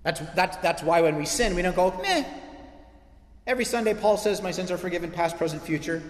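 A man preaching with emphatic, building intensity, his voice sitting a little high for a man. The sound carries the long, roomy echo of a large hall. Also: fast. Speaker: pastor. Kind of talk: sermon.

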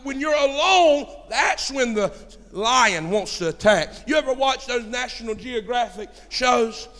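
A man preaching a sermon in a church. He moves between quiet storytelling and loud emphatic peaks, throwing rhetorical questions at the congregation. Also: very high voice, unhurried. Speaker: pastor. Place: church sanctuary. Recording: long hall reverb in a church.

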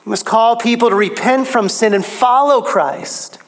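A man preaching a sermon, emphatic, his pitch rising on key phrases. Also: moderate pace, fairly bright tone.

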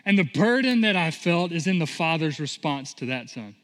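A man preaching in a church sanctuary, his fairly high voice carrying a long reverb through the room. He tells the story with energy and drops into acted-out voices for the characters. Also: moderate pace. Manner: animated storytelling, acting out voices in quotes. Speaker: pastor. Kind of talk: sermon.

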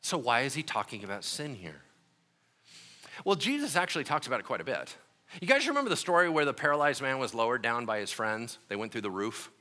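A man preaching a sermon as an animated, joking storyteller who often laughs at his own asides. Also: mid-range voice, brisk. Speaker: pastor.

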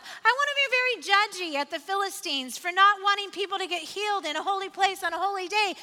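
A woman's voice: very high-pitched, sharp tone, long reverb tail. A woman pastor preaching a sermon, conversational and personal, building to emphatic repeated refrains.

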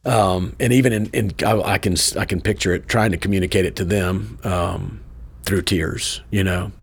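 A middle-aged pastor in an interview, telling a personal story in a lively way, often asking "right?" and breaking into short laughs. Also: male voice, low-pitched, normal speed, vocal fry, husky. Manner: animated storyteller, tags points with "right?"; laughs between lines.

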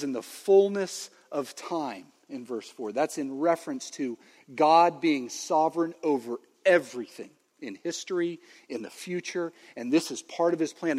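Animated male pastor in a reverberant hall. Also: a little high. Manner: animated storytelling, shifts between loud and hushed. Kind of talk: sermon. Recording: long reverb of a large hall.

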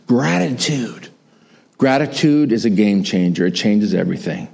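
A man's voice: on the low side, expressive, a little fast, gravelly, dark tone. A middle-aged male pastor preaching a sermon and leading a prayer in an emphatic, repetitive cadence.

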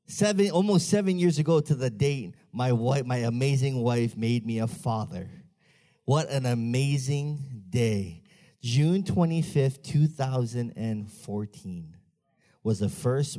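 A man's voice: mid-range voice, dark tone. A man starting a sermon, greeting the crowd casually and reading scripture aloud. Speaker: preacher.

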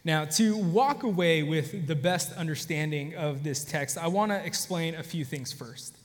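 Man pastor, casual sermon, fairly high voice, hall reverb. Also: measured pace. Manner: conversational, frequent restarts, addresses audience directly. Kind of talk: sermon with personal story.

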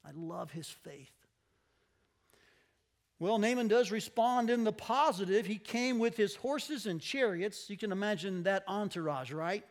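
A man with a high-pitched voice delivers a relaxed, conversational sermon. He retells the scripture expressively and slips into the voices of its characters as he goes. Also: a little slow. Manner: expressive, acts out the people in the story. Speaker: preacher.

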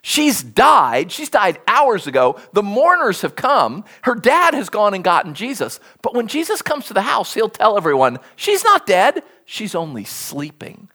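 Preacher for a sermon read, very lively pitch that leaps up and down, animated storyteller. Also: normal speed, few pauses. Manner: animated storytelling, acts out quoted speech.

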